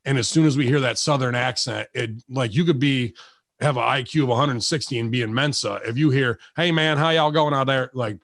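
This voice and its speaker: A wrestling veteran in his forties appears as a guest on a casual podcast, swearing freely and acting out voices while he tells animated stories. His mid-range voice is brisk, and the recording is dry.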